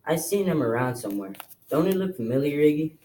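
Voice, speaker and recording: A man reading a novel aloud and voicing a scrawny, suspicious, rough-talking woman. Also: on the high side, big pitch swings, brisk, warm tone, low-quality recording. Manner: talks out of the side of her mouth.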